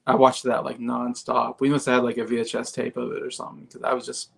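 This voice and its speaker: A man as a podcast guest, rambling in casual chat with many fillers and soft laughs. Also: mid-range voice, completely flat delivery, quick pace, gravelly.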